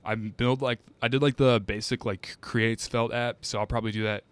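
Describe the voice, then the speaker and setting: Rambling young man streaming, smooth voice. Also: medium pitch, fairly even intonation, moderate pace, no room sound. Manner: rambling, full of "like" fillers and restarts. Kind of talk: casual live-stream reaction commentary.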